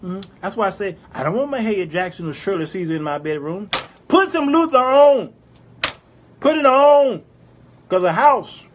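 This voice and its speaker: High husky-voiced man hosting a talk show. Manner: animated and teasing, with sudden loud outbursts; reads viewer comments aloud and answers them. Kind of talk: casual live-stream advice talk.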